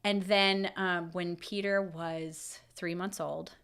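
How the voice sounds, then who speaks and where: A woman in her thirties, a podcast co-host, telling a personal story in casual chat, emotional and lively, quoting her own thoughts aloud. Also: fairly low pitch, slow pace, clear, resonant tone.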